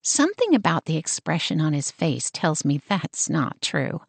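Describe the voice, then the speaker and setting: Woman, romance audiobook narrator, lowish voice, dry close sound. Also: very animated, normal speed, vocal fry, husky, no echo.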